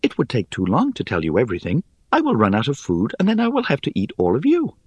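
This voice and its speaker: A man's voice: medium pitch, wildly swooping pitch, quick pace, a little mellow, breathy edge, no room sound, pitched above the performer's own voice. A man voicing an ancient female spider in a small, airy voice, wry, teasing and superior, in a storybook reading. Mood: scolding.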